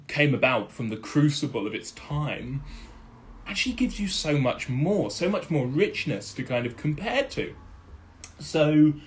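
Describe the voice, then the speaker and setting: A young man, a history student and channel host, explaining ideas in casual talk full of restarts and fillers. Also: mid-range voice. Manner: rambling, many restarts and fillers, laughs at own points. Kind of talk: casual educational talk to camera.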